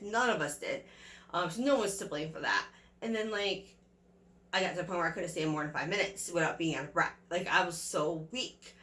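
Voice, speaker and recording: A young woman talks straight to the camera in a loose, rambling storytelling style, acting out what others said. Her voice is bright and forward. The room gives it a noticeable echo. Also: fairly low pitch. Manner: chatty, rambling, many fillers and retold dialogue. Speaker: vlogger. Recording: echoey room.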